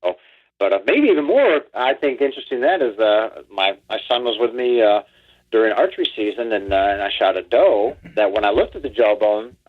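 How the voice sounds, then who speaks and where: A man from Pennsylvania, a guest on a podcast, speaking by phone in a measured way with many ums. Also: lowish voice, lively intonation. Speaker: podcast guest, wildlife outreach director. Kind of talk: casual interview talk. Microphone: phone call. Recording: tinny phone line.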